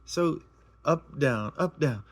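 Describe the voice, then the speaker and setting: A man's voice: on the high side, animated, takes it slowly. A man casually sharing a personal testimony, earnest and emotional, rambling and repeating himself as he tells it.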